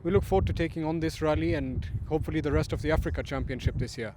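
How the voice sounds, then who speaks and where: A man's voice: a little high, very fast, noisy background. A man, a rally driver, giving easygoing and upbeat answers in an outdoor interview.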